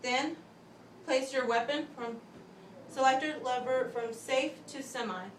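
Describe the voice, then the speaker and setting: A young woman giving a step-by-step class demonstration speech, talking methodically with pauses and restarts. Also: high voice. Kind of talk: step-by-step instructional demo. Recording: echoey room, voice from a distance, faint background hum.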